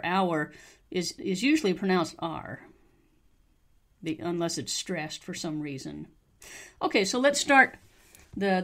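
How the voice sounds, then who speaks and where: An American woman with a mild Southern accent, hosting a podcast pronunciation lesson, repeating phrases slowly and carefully for learners to copy. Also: fairly low pitch. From United States. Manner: slow, careful modeling of phrases, repeated for practice. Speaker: English teacher, podcast host.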